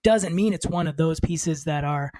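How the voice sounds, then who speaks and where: A man's voice: on the high side, normal speed, warm tone, no room sound. Man, art teacher, joking storyteller, casual podcast, dry close sound. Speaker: art instructor.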